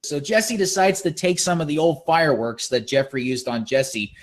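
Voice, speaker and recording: A young man excitedly retelling a story in casual chat, acting out the quotes as he goes. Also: on the high side, normal speed.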